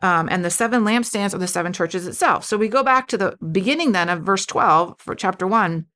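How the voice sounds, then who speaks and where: A woman's voice: medium pitch, a little fast, bright, forceful tone. A woman pastor talking through a Bible passage in a podcast conversation, reading verses aloud and asking guiding questions. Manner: reads scripture aloud, asks guiding questions.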